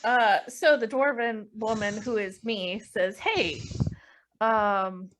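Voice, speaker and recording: A woman playing in a tabletop game, chatting in a relaxed, playful way. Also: fairly high pitch, a little slow. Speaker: player. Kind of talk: casual chat in a tabletop game.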